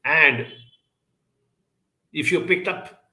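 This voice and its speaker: A man's voice: a little high, drawn-out words, bright, forceful tone. A man speaking as a guest on a program, telling a childhood story in an earnest, reflective way with rhetorical questions.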